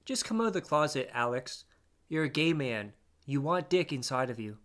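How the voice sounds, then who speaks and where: A man's voice: fairly high pitch, animated, moderate pace, fairly bright tone. Mocking man narrating commentary. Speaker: reaction channel host.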